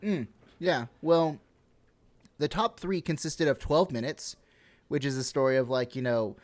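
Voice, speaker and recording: A young Texan man co-hosts a casual podcast, his voice sitting a little high as he talks at a measured pace. He rambles through explanations, packing them with fillers and swearing.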